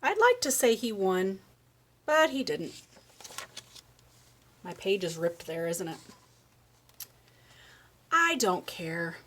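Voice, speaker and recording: A woman giving a children's speech lesson, reading a picture book aloud and slowly modeling words for a young child to repeat. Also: mid-range voice, big pitch swings. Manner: slow, encouraging, exaggerates word sounds for a child. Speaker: speech therapist.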